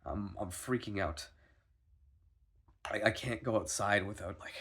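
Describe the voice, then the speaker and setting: A man's voice: fairly low pitch, moderate pace, breathy edge. A sick man rambling anxiously in a personal video diary, stumbling and restarting often, swearing. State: sick, foggy. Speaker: vlogger.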